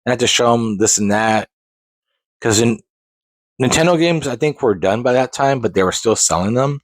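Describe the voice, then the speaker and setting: This podcast host, a man in his forties, has a medium-pitched voice with lively intonation and talks at a normal speed. He tells a long personal story casually, rambling with restarts and side trips, and the recording has no room sound.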